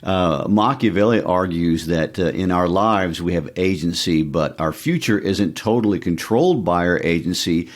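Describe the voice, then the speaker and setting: A man with a very low voice talks through a classic play with his co-host. His delivery is casual and conversational, peppered with fillers, and he slows down to savor lists. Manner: conversational, many fillers, reads recipe lists slowly. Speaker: podcast co-host. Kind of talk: casual literature discussion.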